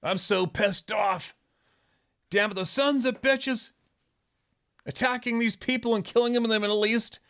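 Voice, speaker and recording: A man's voice: medium pitch, lively intonation, a little fast, a bit bright, natural voice. A man putting on the voice of an angry male protester in a sneering, whiny mockery. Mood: mock fury.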